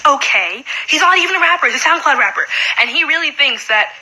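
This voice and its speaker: A teenage girl rants in a casual vlog, her voice high and piercingly bright. She fills every pause with "like" and sounds fed up. Her talk is quick and loose. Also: animated, a little hiss or hum, rough recording. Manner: fast, frustrated talk full of "like". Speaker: high school student.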